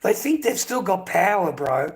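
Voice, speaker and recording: A man's voice: sits high, big pitch swings, moderate pace, slightly rough. An Australian man with an Australian accent, ranting aggressively and profanely at his live-stream chat.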